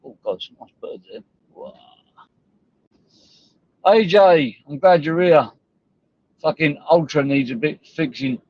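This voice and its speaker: A man's voice: fairly high pitch, expressive, slow pace, long pauses, dry recording, muffled recording. A man ranting on a livestream, sweary, confrontational and rambling. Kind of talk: livestream rant.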